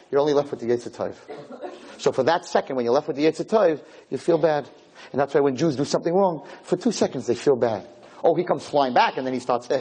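A man giving a lively Torah sermon to a class of girls, telling stories and acting out the dialogues, in a room with a live audience. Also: on the high side, husky. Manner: animated, storytelling, acts out dialogues. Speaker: Torah lecturer.

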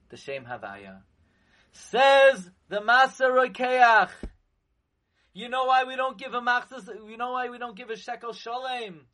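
A man teaching a sermon in a slow, emphatic way, sometimes chanting verses in a singsong and hitting words with sudden loud stresses. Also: very high-pitched. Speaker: rabbi teaching Torah.

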